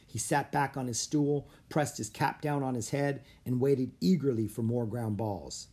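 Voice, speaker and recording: An audiobook narrator reading a children's chapter book aloud, breaking into sudden loud, high shouts for the characters. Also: unhurried. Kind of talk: storybook read-aloud.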